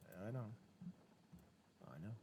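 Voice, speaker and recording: A man's voice: fairly low pitch, very animated, measured pace, vocal fry, dark tone, a little hiss or hum. A man narrating as game master of a tabletop game, casual and chatty, swearing often.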